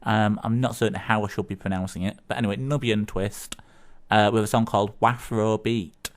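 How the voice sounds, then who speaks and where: Rambling lower-voiced radio host. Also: male voice, fairly even intonation, a little fast. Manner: rambling, hesitant, lots of ums. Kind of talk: casual radio chat. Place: radio studio.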